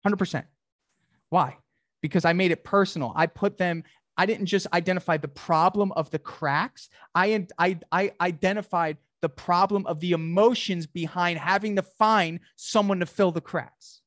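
A man's voice: high-pitched, fairly even intonation, moderate pace, a bit bright, no echo, studio quality. A man coaching a salesperson one-on-one, direct and emphatic, often acting out customer conversations.

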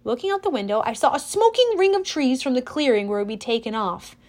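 A woman narrating an audiobook in first person, wry and expressive. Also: high voice, a little fast.

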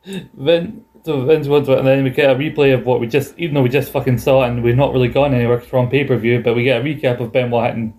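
A man's voice: medium pitch, fairly even intonation, quick pace, a little mellow. A man co-hosting a podcast, recapping old wrestling shows in rambling, sweary, joking chat. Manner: rambling, sweary, jokey impressions. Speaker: podcast co-host.

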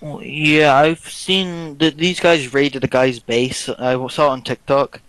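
A man's voice: medium pitch, level tone, unhurried, fairly bright tone, dry recording, low-quality recording. Dry-voiced young Scottish man, teasing. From Scotland. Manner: wry, teasing, blunt. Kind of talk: casual chat.

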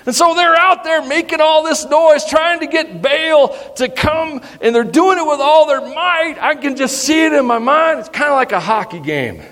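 A male pastor with a high voice gives an animated, joking sermon and teases his congregation. His voice carries through a church hall with a long, lingering reverb. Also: moderate pace, few pauses. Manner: animated, humorous, teasing the audience.

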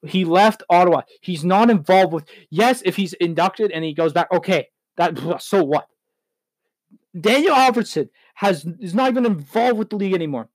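A man's voice: high voice, animated, normal speed, no echo. A man hosting a solo sports talk podcast, rambling, heated and correcting himself as he goes.

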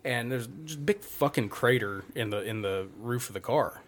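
A man's voice: mid-range voice, normal speed. A young man telling a long, rambling, profanity-laced story to friends on a casual podcast. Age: young adult. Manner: profane, rambling anecdote with quoted dialogue. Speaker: podcast host.

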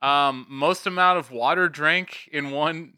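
A man's voice: fairly high pitch, slow, pushed and bright, smooth, no echo, clean studio sound. A man co-hosting a comedy podcast, chatting casually and laughing often as he jokes around. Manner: laughs often, jokey and playful. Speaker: podcast co-host. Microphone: studio podcast mic.

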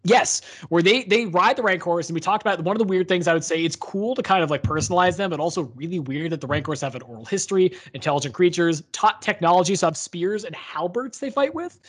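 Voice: medium pitch, lively intonation, quick pace, hardly any pauses, a bit bright, breathy edge. A podcast co-host in casual chat about a book, rambling with many fillers and restarts.

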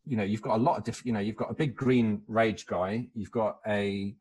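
A man's voice: fairly low pitch, fairly even intonation, normal speed, darkish tone. A man co-hosting a podcast in casual chat, hesitant and full of fillers and restarts. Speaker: podcast co-host.

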